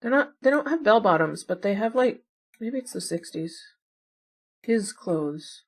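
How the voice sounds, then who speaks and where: This puzzle game streamer speaks at medium pitch with lively intonation, a measured pace, and a slightly rough edge. She chats casually as she plays, wondering aloud and making jokes at her own expense.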